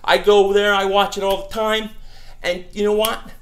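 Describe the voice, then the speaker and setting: A young man hosting a casual live-stream Q&A, answering viewer questions about football in a brash, animated way. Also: sits high, normal speed, slight background noise. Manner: animated, brash, mocks trolls.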